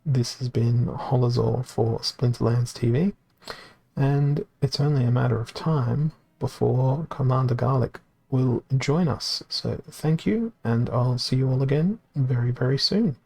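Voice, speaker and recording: A man's voice: medium pitch, a little slow, vocal fry, a little mellow. A man commentating his own card game on a live stream in a casual, wry, self-deprecating way, thinking aloud as he plays, with his voice wearing thin. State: losing his voice.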